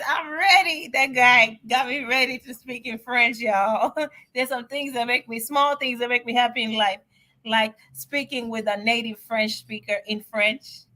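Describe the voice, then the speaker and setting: A woman answering immigration questions on a live stream, chatty and excitable, often repeating herself. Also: a little high. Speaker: immigration advisor.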